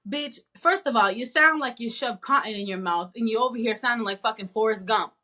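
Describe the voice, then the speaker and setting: High, bright-voiced woman ranting bluntly. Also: a little fast. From not from the American South. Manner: blunt, profane, animated ranting. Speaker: podcast co-host. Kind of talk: casual chat.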